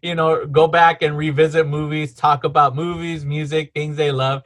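A man's voice: fairly high pitch, little pitch movement, normal speed, fairly bright tone. A man with a Chicano English accent co-hosting a podcast in casual chat, laughing often and slipping into playful impressions. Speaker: podcast co-host.

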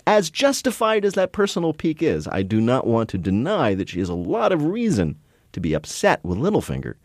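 A man hosts a casual TV talk, wry and long-winded. His low voice rises and falls a lot. The sound is close and dry. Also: a little mellow, dry recording. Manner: wry, talkative, does mock voices. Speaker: podcast host. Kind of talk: casual TV discussion.

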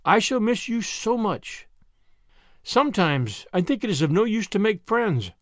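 Man voicing wistful romantic lady, middle-aged, sighing, dramatic, high lively voice. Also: a little slow, dry recording, studio quality. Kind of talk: audiobook character reading.

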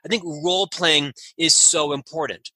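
Bright, husky-voiced man giving advice. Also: on the high side, steady tone, moderate pace, dry recording. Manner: emphatic, keeps checking in with "right?". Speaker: leadership guest. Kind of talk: advice in a podcast interview.

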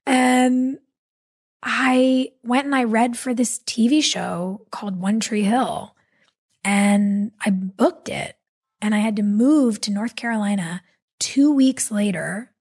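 A woman guest in a casual interview, telling stories animatedly with quick asides. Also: on the high side, a little mellow, slightly rough. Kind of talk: casual conversational storytelling.

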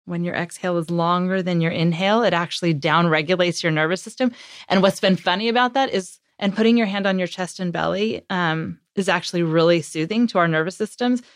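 A woman's voice: lowish voice, brisk, no room sound, clean studio sound. A woman guest on a podcast interview, talking casually as a parenting author and acting out the lines she and her kids said. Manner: lively storyteller who acts out what she and her kids said; conversational, with fillers and laughs.

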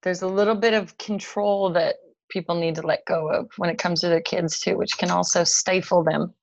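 A woman's voice: fairly low pitch, fairly even intonation, normal speed, creaky, dull audio, a little hiss or hum. A woman co-hosting a podcast in casual chat, frank and reassuring with a playful streak. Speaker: podcast co-host.

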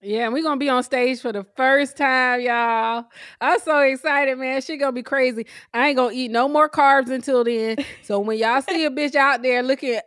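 A woman's voice: high-pitched, steady tone, normal speed, fairly bright tone, no room sound, studio quality. A woman co-hosting a podcast, blunt and joking in casual chat, often laughing. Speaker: podcast co-host.

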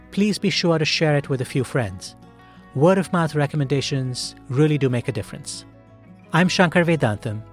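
A man hosting a podcast, delivering scripted narration in a measured, calm storytelling manner. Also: a little high. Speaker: podcast host.

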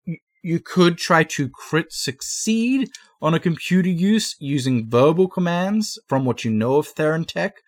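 A man narrating slowly and measuredly as game master of a tabletop game. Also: fairly high pitch, animated.

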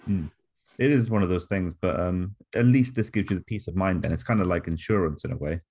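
Low-ish guy doing deadpan fake ad reads on a chill comedy podcast. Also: fairly quick. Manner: dry, deadpan delivery of mock ad reads. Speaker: podcast co-host. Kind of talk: casual comedic podcast chat.

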